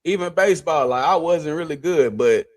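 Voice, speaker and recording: A man co-hosting a podcast, talking in a relaxed, reflective way and asking his co-host questions. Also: a little high, normal speed. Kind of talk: casual chat.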